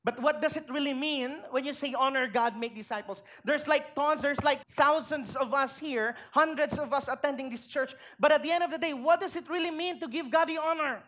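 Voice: high voice, fairly quick, few pauses, fairly bright tone. A pastor preaching a sermon in church, making emphatic points and putting rhetorical questions to the congregation.

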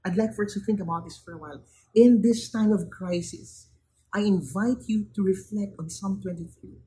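A man preaching a sermon, building to emphatic raised peaks and then dropping low and quiet. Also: normal speed, poor audio.

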